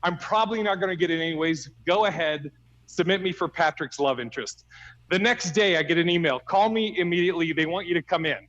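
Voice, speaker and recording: Male stand-up comic, higher voice, storytelling set on a video call, swears and laughs through his punchlines. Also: fast talker, fairly bright tone, highs cut off. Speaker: stand-up comedian.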